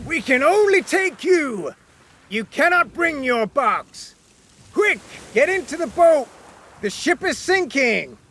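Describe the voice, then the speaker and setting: A man's voice: high voice, lively intonation, a little slow, fairly bright tone, voice pushed up. A man voicing a stern male ship captain who barks commands, in a storybook reading. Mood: shouting orders. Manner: barking orders.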